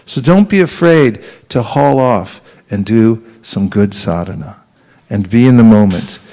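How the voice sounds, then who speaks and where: A man, a spiritual teacher, giving an earnest, conversational devotional talk to a live audience, with pauses and restarts. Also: fairly low pitch, animated, dark tone.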